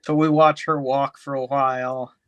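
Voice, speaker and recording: A man's voice: medium pitch, flat delivery, normal speed, fairly bright tone, clean tone, lo-fi sound. A man co-hosting a podcast, recapping a movie plot in a rambling, profane way, packed with "you know.". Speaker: podcast co-host. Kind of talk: casual chat, movie recap.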